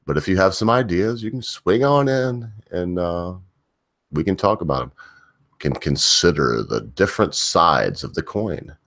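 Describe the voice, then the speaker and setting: A man hosting a livestream, giving an opinionated, rambling rant with emphatic, drawn-out stretches. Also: low-pitched, expressive, fairly bright tone, no echo, studio quality. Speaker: livestream host.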